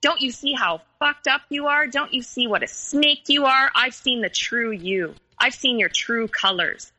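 Woman acting out a cruel, jealous female friend; shrill, bright, accusing. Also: a little slow, long reverb tail, full character voice, rough recording. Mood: screaming.

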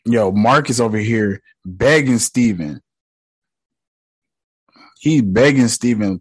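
A man casually recapping a TV episode in slangy, profane, excitable speech. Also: lowish voice, takes it slowly, pauses often, slightly rough, no room sound. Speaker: show reactor.

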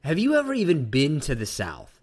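A man's voice: on the high side, wildly swooping pitch, brisk, darkish tone, slightly rough. A man hosting a podcast, chatting casually with dry, teasing humor. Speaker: podcast host. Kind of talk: casual chat.

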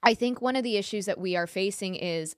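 A woman's voice: mid-range voice, a little fast, no echo, studio quality. A woman hosting a podcast interview, speaking emphatically and repeating phrases for stress. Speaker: podcast host. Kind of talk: conversational interview.

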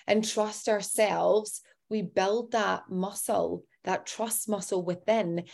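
A woman's voice: mid-range voice, vocal fry, darkish tone. A woman hosting a podcast in casual chat, encouraging and repeating for emphasis. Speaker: podcast host.

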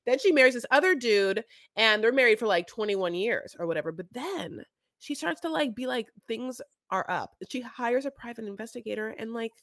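A woman's voice: a little high, expressive, fairly quick, fairly bright tone, no room sound, clean studio sound. A woman co-hosting a podcast, recapping a reality show in a chatty way, full of "like" and dramatic emphasis. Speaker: podcast co-host.

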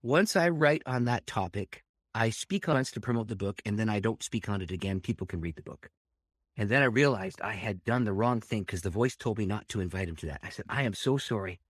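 A man, a pastor, telling a personal story with lots of laughter, dropping to a hush and then rising loud and excited. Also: fairly low pitch, brisk, no echo, clean studio sound. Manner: animated storyteller, laughs often, swings between hushed and loud. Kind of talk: storytelling testimony.

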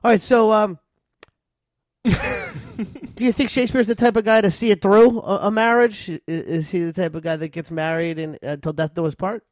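A man's voice: sits high, steady tone, normal speed, no room sound, studio quality. A man co-hosting a trivia podcast who casually asks questions and chuckles along. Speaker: podcast co-host.

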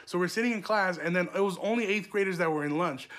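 A man's voice: high-pitched, fast talker, a bit bright. A young man hosting a podcast, telling a story casually with lots of swearing and rambling asides. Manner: profane, rambling, laughing asides. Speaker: podcast host.

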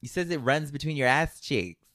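A woman's voice: deep voice, lively intonation, fairly bright tone. A young woman co-hosting a podcast with her sisters, sarcastic and teasing in casual chat. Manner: sarcastic, teasing, quick retorts. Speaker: podcast co-host.

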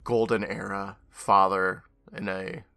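A man's voice: deep voice, fairly even intonation, takes it slowly, gravelly, pushed and bright. A young man co-hosting a podcast, chatting casually in a laid-back, rambling way with lots of fillers. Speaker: podcast co-host. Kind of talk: casual chat.

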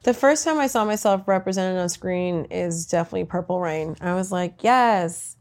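A woman's voice: on the low side, moderate pace, darkish tone. Brash, crude-joking comedian woman. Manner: brash, crude, self-mocking punchlines. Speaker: comedian, interview guest. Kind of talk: comic answers to rapid-fire questions.

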